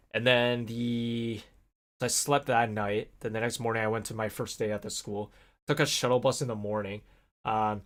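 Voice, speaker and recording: A young adult man vlogging alone, telling a long casual story with many fillers and animated swearing-to-God asides. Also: lowish voice.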